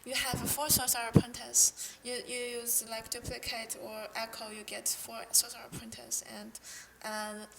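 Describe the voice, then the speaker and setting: A young woman streamer who is not a native English speaker, chatting casually and haltingly while reading game card text aloud on a headset mic. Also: fairly high pitch, little pitch movement, vocal fry, noisy background. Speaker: game streamer reviewing cards. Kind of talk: casual live-stream chat.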